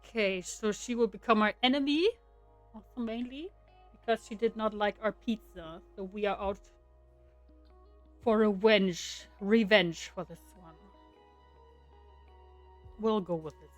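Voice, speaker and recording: A woman chatting through a game playthrough and reading the dialogue aloud, reacting with quick exclamations. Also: medium pitch, faint music behind. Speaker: gaming streamer.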